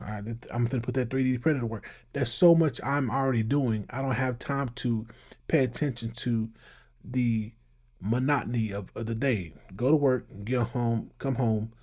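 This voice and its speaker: A man's voice: mid-range voice, a little mellow, slightly rough. A man hosting his own channel, giving emphatic casual commentary and reacting to clips. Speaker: channel host.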